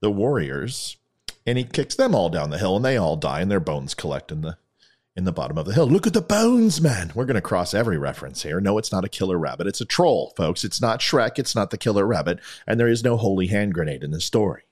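A man's voice: deep voice, lively intonation, quick pace. A man hosting his own podcast, rambling through a comic story and plugs with self-mocking jokes. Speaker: podcast host. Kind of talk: casual comedic monologue.

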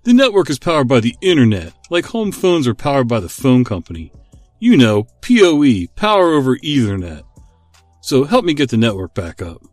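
A man reads out a pushy male store employee who refuses to listen. He sounds stubborn and dismissive, with a lively, swinging pitch. The audio is dry and close. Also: moderate pace, no room sound, faint music behind, lightly acted. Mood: insistent. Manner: insistent, dismissive.

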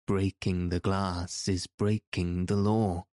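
Man voicing a squeaky little storybook gardener, self-righteous, slow, dry. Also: little pitch movement, dark tone, no room sound. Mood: indignant. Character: fussy little royal gardener, rule-bound and spiteful.

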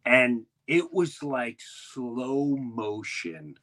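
A man's voice: mid-range voice, big pitch swings, drawn-out words, a bit bright. A man who hosts a podcast and does stand-up, telling rambling stories in casual chat with many restarts. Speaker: podcast host and stand-up comedian.

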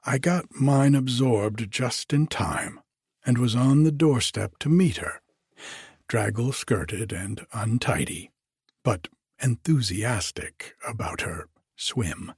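Male narrator, audiobook reading, slow, husky voice, lively intonation. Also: mid-range voice, dry recording, clean studio sound. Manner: measured, expressive storytelling.

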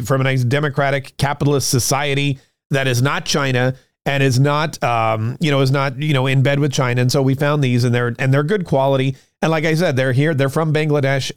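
A man's voice: mid-range voice, clean tone, dry recording. Rambling male podcast host, dry sound. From United States. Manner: rambling, conversational, frequent restarts. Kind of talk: casual political talk with merch plug.

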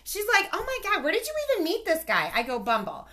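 A woman in her thirties telling a casual story in a chat, animated and swearing, acting out the voices of the people in it. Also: very high-pitched, quick pace, heavy background noise.

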